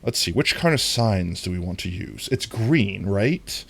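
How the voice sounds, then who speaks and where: A man with a nasal voice that sits on the lower side talks his way through a game stream. His delivery is animated, rising and falling freely as he chats with his viewers. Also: a little slow, creaky, slight background noise. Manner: chatty, talks to viewers while playing. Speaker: livestreamer. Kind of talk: casual game-stream chat.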